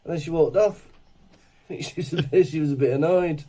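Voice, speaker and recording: A man, co-hosting a podcast and telling a lively anecdote in casual chat. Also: fairly high pitch, fairly quick. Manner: animated anecdote-telling with laughs and acted quotes. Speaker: podcast co-host.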